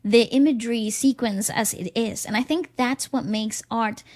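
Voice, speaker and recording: A woman's voice: fairly high pitch, moderate pace, darkish tone. A woman co-hosting a podcast in a casual discussion, eager and analytical as she breaks down songs and videos. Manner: enthusiastic, analytical about music. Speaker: podcast co-host.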